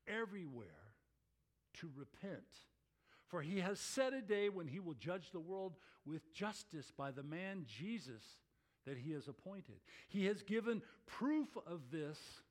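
A male pastor preaching a sermon, animated, acting out the voices of his listeners. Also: high-pitched.

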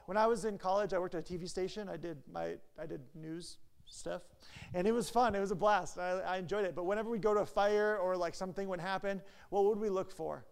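A young man with a high-pitched voice and a gravelly rasp delivers a relaxed sermon. He talks like he's chatting with friends, full of asides and quick self-corrections. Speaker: pastor. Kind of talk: casual sermon.

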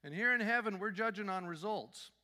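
A calm, matter-of-fact Saint Peter at heaven's gate, voiced by a man telling a joke in a sermon. He speaks in a lifted, bright voice, and a long church reverb trails behind it. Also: high voice, brisk, pitched above the performer's own voice.

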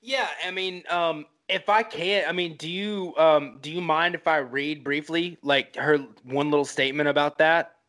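A man with a high, bright, forceful voice talks about movies with a friend on a casual podcast. He swears freely and gets carried away with emotion as he talks, his enthusiasm spilling over. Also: normal speed, few pauses. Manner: animated, profane, swept up in emotion. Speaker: podcast co-host. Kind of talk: casual film-review chat.

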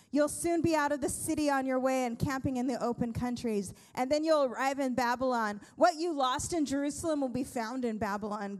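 A woman pastor giving a lively, conversational sermon, joking and restarting her sentences. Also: sits high. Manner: lively, conversational preaching with humor and many restarts.

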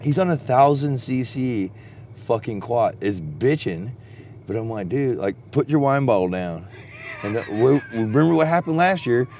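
A man's voice: mid-range voice, lively intonation, normal speed, darkish tone, a little hiss or hum. A man telling rambling, profane stories in casual chat, recorded outdoors at a campsite. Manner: rambling, heavily profane storytelling.

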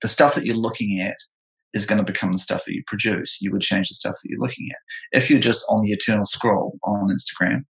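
Rambling man, low voice. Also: fairly quick, gravelly, low-quality recording. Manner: rambling, animated, many filler likes. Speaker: photographer and former music producer. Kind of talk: casual chat.

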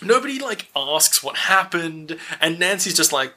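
A man's voice: on the high side, big pitch swings, normal speed, sharp tone. A man co-hosting a podcast, casually recapping a horror film with lots of laughing, swearing and acted-out quotes. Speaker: podcast co-host.

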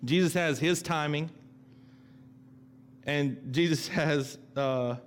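A man's voice: on the high side, takes it slowly, slight background noise. A middle-aged male pastor preaching a sermon in a conversational way, often repeating himself and acting out the voices he quotes.

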